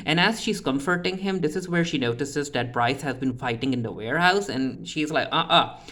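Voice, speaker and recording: A man's voice: on the high side, lively intonation, brisk, a bit bright. A man giving a casual, chatty recap of a TV episode, often restarting with "uh" fillers. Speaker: TV recap reviewer.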